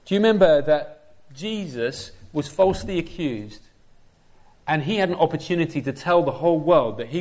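A man preaching a sermon, often asking the congregation direct questions. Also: a little high. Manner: lively, asks the congregation questions.

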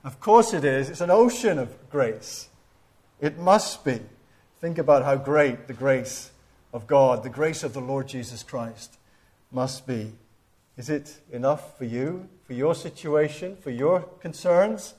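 A middle-aged man preaching a sermon in an earnest, reflective way, with shifts in loudness for emphasis. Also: mid-range voice, measured pace.

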